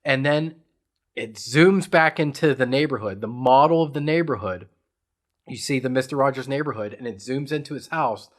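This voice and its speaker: A man from western Pennsylvania co-hosts a casual podcast chat and eagerly recaps a movie. He rambles along with plenty of "like" fillers, and his voice sits in an ordinary middle pitch. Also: moderate pace. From Pittsburgh area, USA. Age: adult parent. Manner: enthusiastic rambling storyteller with many "like" fillers. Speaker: podcast co-host.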